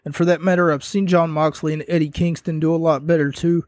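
A young man giving a rambling, casual wrestling recap that grows animated as he retells the scenes. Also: a little high, fast, dry recording. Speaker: wrestling commentator.

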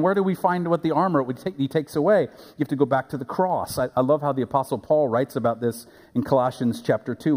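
Animated preacher in a reverberant hall. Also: male voice, on the high side. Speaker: pastor. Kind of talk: sermon. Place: church sanctuary.

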